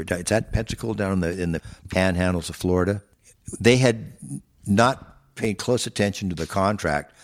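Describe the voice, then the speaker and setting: An older man, a guitarist, casually telling stories from his touring days, rambling with restarts and acting out what people said. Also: low-pitched. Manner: rambling, with restarts and acted-out quotes. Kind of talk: casual storytelling.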